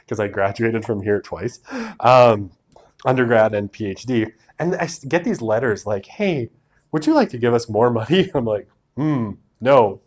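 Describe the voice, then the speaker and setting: A man in his thirties giving a casual university sociology lecture to a classroom, chatty and self-deprecating, with joking asides. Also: mid-range voice.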